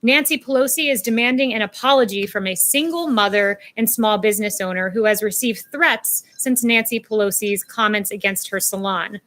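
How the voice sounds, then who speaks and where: Bright-voiced woman giving a pointed statement. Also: medium pitch, normal speed, few pauses. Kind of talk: prepared statement.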